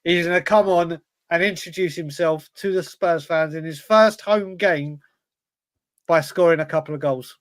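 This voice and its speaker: High-voiced man reading fan questions. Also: normal speed, no room sound. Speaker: co-host reading viewer questions. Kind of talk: casual football chat.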